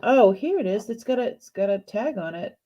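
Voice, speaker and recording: A woman's voice: medium pitch, lively intonation, fairly quick. A woman in her fifties with a Boston accent, hosting a casual live jewelry sale, chatty and hesitant as she shows pieces and greets viewers. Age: 50s. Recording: dull lo-fi stream audio.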